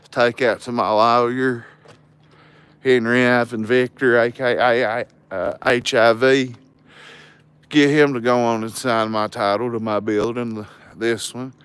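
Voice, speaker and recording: A man's voice: medium pitch, fairly bright tone, clear, resonant tone. A man, telling rambling, profane stories to his livestream viewers. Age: 40s. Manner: loose, crude, rambling storytelling.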